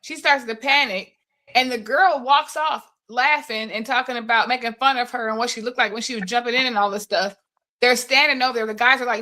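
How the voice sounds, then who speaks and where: A woman's voice: a little high, fairly quick. A woman co-hosting a casual talk show, animatedly retelling a story she saw online. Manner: animated storytelling with quoted voices. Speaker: podcast co-host. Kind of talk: casual chat.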